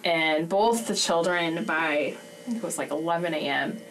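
A homeschooling mother who co-hosts a podcast speaks in a low voice at a moderate pace, picked up by a distant mic with faint background noise. In a faith conversation, she talks candidly and openly about her emotions and laughs often.

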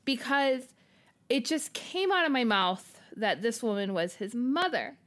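A middle-aged woman co-hosting a podcast, telling a story in an animated, self-deprecating way. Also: on the high side, measured pace. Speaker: podcast co-host. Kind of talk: casual storytelling chat.

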